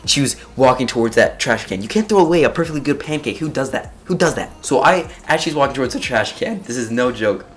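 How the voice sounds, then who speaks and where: Teen boy, story-time vlogger, rapid and animated delivery, playful exaggeration. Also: medium pitch. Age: teens. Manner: excitable, exaggerating, laughing often. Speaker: student telling a story.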